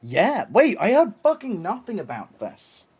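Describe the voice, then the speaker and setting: This young live streamer has a high-pitched, slightly breathy voice and an unhurried pace. Even so, he comes across as excitable and rambling, swearing a lot and starting sentences over.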